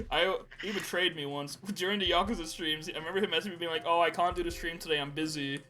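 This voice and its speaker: A young man with a bright, tense voice that sits a little high, chatting casually on a podcast. He rambles through stories and laughs often. Faint music plays underneath. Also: fairly even intonation, quick pace. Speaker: podcast co-host. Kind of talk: casual chat.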